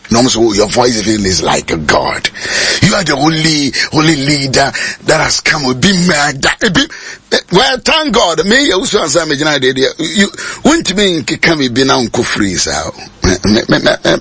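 A man preaching a sermon, mixing Twi and English and rising to high shouted peaks. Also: sing-song, moderate pace, husky.

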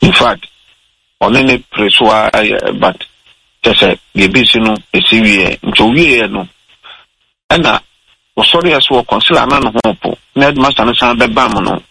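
A man telling a story in relaxed radio talk, switching between Twi and English. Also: medium pitch, moderate pace, gravelly, husky, low-quality recording.

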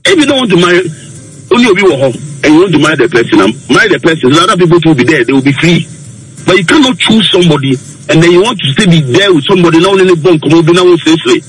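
A man's voice: a little high, lively intonation, very fast, a bit bright, low-quality recording. A man, a counselor on a radio talk show, giving earnest, preachy advice and mixing English with Twi.

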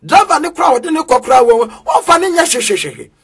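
A man preaching an energetic street sermon, chanting in a sing-song way with bursts of shouting. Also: very high-pitched, brisk.

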